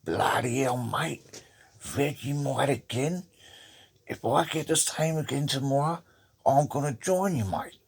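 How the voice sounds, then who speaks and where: A man's voice: medium pitch, lively intonation, measured pace, gravelly, slightly rough, pitched above the performer's own voice, full character voice. A man voicing an exasperated Australian builder.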